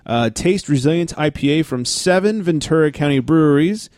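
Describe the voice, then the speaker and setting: A man's voice: a little high, animated, normal speed, darkish tone, no echo, studio quality. Laid-back man hosting a casual podcast. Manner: laid-back, laughs often, rambling asides. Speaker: podcast host. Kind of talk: casual beer podcast chat.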